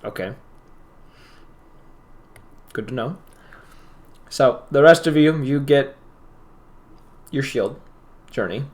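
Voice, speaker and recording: A man narrating a tabletop role-playing game as game master, describing the scene in halting, restarting sentences. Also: mid-range voice, expressive.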